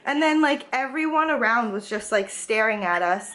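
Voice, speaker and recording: A young woman chats to camera in a loose, filler-heavy vlog storytime. Her voice sits a bit high, and she sounds slightly out of breath from a cold. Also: lively intonation, normal speed, fairly bright tone, a little hiss or hum. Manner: chatty, many filler "like"s, indignant retelling. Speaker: vlogger.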